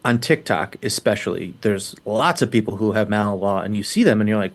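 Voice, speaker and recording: A man's voice: on the low side, brisk. A man from Buffalo, New York, a guest dog trainer telling stories in casual podcast chat, swearing freely. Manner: profane, storytelling.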